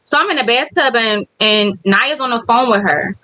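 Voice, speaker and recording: A woman's voice: a little high, normal speed, bright, forceful tone, poor audio. A woman vlogger with kids, talking candidly on a casual livestream and reading viewer comments aloud. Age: adult with kids.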